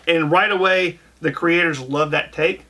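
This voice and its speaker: A man's voice: fairly high pitch, pushed and bright. A man hosting a casual podcast chat, laying out what he has researched at length. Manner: researched, tells facts at length. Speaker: podcast host.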